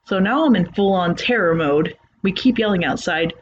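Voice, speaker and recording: This is someone reading a horror story aloud, told in the first person with an ordinary, chatty delivery at normal speed. Their pitch sits in the middle range. The homemade audio is a bit muffled and carries a light hiss.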